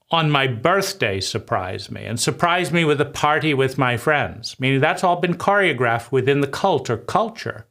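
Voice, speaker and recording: A man's voice: fairly high pitch, fairly bright tone. A man giving a reflective spoken lecture, who asks himself questions, answers them, and keeps checking in with "right?". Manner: conversational, keeps asking "right?". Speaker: speaker giving a talk.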